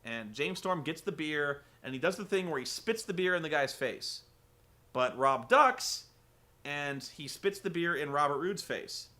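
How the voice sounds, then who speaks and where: A man with a high, bright voice recapping a show with sarcastic, profane asides. His delivery rambles and swings widely in pitch. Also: animated, measured pace. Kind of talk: comedic wrestling recap.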